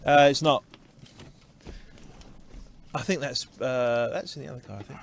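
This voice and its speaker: A man's voice: medium pitch, steady tone, measured pace, gravelly, a little hiss or hum. A man in a car chatting casually, teasing his friend in a dry way. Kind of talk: casual chat.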